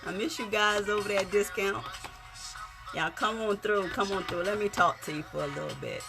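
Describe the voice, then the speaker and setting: A woman from South Carolina with a Lowcountry Gullah-Geechee accent, chatting on a livestream in a folksy way and greeting viewers by name. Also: a little fast, vocal fry. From Yamassee, South Carolina. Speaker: livestream host. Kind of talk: casual encouraging livestream talk. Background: faint music.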